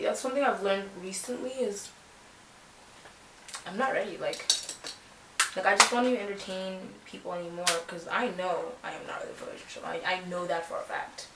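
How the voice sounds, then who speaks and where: A woman's voice: mid-range voice, a bit bright. A young woman from Canada with a Canadian accent, chatting casually and rambling while she does her makeup. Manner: rambling, chatty, lots of filler words. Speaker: beauty vlogger. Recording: roomy, distant mic, faint noise.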